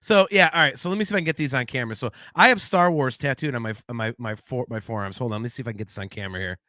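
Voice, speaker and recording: Man in his forties, podcast co-host, bright forceful voice, animated storyteller, laughs a lot, dry close mic. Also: medium pitch, racing, no echo. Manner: animated storyteller, laughs often, reads chat comments. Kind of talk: casual chat, telling family stories.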